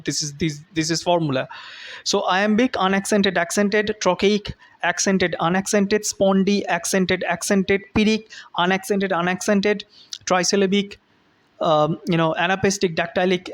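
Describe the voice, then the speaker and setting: A man delivering a recorded lesson at a deliberate teaching pace. He builds each point step by step, repeats key phrases and fills pauses with "uh" and "you know", slowing down further to spell out terms. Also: high voice. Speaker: literature teacher. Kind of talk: recorded lecture explaining poetry scansion.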